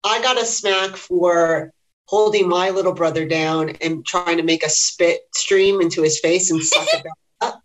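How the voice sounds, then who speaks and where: A woman's voice: fairly low pitch, steady tone, unhurried, rough recording. A woman guest telling childhood stories in a laid-back, chuckling way during casual chat. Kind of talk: casual chat over drinks.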